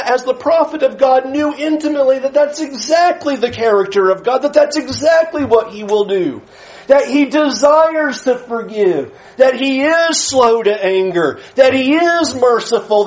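A man's voice: extremely high pitch, low-quality recording. A man preaching a Bible lesson in an earnest, emphatic way, acting out the voices he quotes. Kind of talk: sermon lesson.

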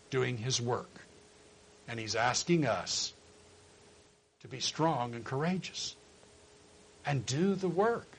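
Man preaching with big loud swings. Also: breathy edge, rough recording. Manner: swings from low quiet asides to loud high exhortation; acts out quoted voices of listeners and God. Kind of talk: sermon.

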